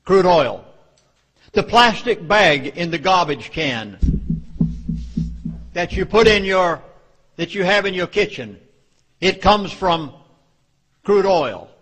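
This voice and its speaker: A man's voice: sits high, animated, slow pace, long pauses, fairly bright tone. Emphatic Southern US man giving a speech. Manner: emphatic, dramatic warnings. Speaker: public speaker. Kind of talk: speech to a live audience.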